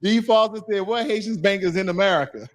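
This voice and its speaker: A livestream host with a high, fairly quick voice reads out chat comments, with faint music behind and no room sound. He taunts one chatter and calls them in to join the call again and again.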